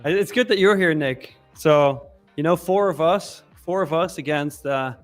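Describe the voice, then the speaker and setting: A man with a fairly high voice co-hosts a live stream in loose, casual chat. He jokes and laughs a lot and reads viewer messages aloud, with faint music underneath. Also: unhurried. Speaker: co-host of live trading show.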